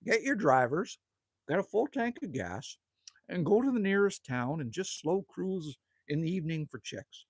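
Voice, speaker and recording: Husky-voiced man chatting on a live stream. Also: a little high, big pitch swings, moderate pace, no room sound, studio quality. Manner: chatty, laid-back, calls everyone man or buddy. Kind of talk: casual live stream chat, answering viewer comments. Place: outdoors at a rural cabin.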